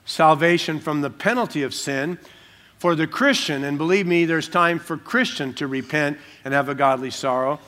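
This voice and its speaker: A man preaching a sermon, reading scripture slowly and then explaining it in plain everyday words. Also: a little high, sharp tone. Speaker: pastor.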